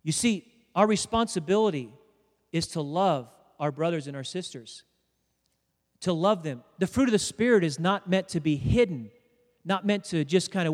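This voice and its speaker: A pastor whose voice sits high, expressive and darkish in tone, preaches at normal speed to a congregation. Telling a story and trading jokes with the crowd, he speaks in a church sanctuary where the hall's reverb lingers long.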